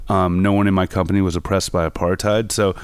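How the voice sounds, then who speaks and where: A man's voice: low-pitched, little pitch movement, fast, smooth, no room sound. A man, a photographer guest, telling rambling anecdotes in casual conversation with many fillers. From New York. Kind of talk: casual storytelling interview.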